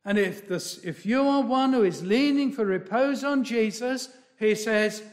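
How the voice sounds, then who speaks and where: A man preaches a sermon slowly and emphatically, his voice pitched extremely high. He repeats key phrases and swings between loud declarations and hushed asides.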